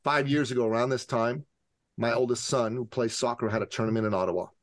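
A man in his forties from the Middle East, a podcast guest and business coach telling an animated, dramatic story. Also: mid-range voice, fast talker, no echo. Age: 40s. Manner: dramatic, acts out scenes with voices.

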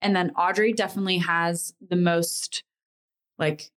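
A woman's voice: lowish voice, steady tone, a little slow, fairly bright tone. A woman from Texas, a podcast guest, telling family stories animatedly, often laughing and mimicking voices. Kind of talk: casual chat.

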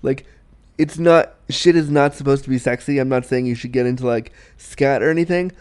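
A young man hosting a podcast, answering a listener's question in a frank, animated, self-deprecating way. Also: mid-range voice, fairly quick, smooth. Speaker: podcast host. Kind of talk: candid advice chat.

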